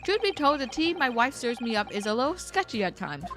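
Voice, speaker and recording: A woman's voice: a little high, very animated, a little fast. A woman reading the lines of a blunt, self-assured male juror from a courtroom game, in a matter-of-fact way, with game music behind. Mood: smug.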